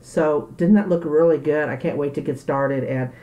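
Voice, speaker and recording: A woman's voice: low-pitched, normal speed, mellow, highs cut off. Chatty woman eating on camera. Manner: chatty, laughing, talks while eating. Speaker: mukbang vlogger. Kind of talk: casual eating vlog chat.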